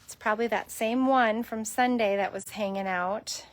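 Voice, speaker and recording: A woman chatting casually on a livestream from a cat shelter room, cooing softly at the cats as she films on her phone. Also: on the high side, normal speed.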